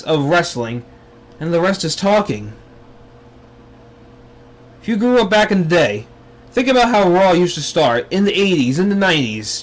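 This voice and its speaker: A young man with a rather high voice rants in an exasperated, sarcastic way. He hosts his own talk show and drops into mocking impressions. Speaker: vlog host. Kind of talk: ranting commentary.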